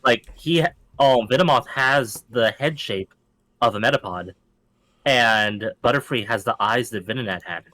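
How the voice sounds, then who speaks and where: A man's voice: medium pitch, moderate pace, bright, forceful tone, no echo, poor audio. A man in a casual group chat who laughs often and explains trivia.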